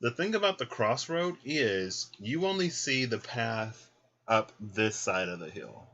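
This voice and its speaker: A man's voice: mid-range voice, lively intonation, a little slow, sharp tone. A man giving a casual card reading, chatty and thinking aloud as he goes. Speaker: card reader. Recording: dull lo-fi recording.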